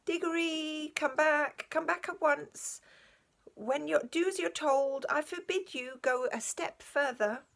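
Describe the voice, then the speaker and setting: A woman voicing a timid, fussy older gentleman who scolds and calls a boy back. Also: high voice, slow, gravelly, voice pushed up, heavily acted. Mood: scolding. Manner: querulous, scolding.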